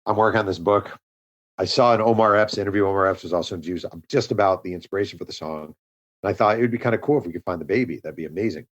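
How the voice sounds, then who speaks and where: Lively low-voiced man telling a story. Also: lo-fi sound. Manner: animated storyteller, acts out quoted dialogue. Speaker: author and guest. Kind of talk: conversational storytelling interview.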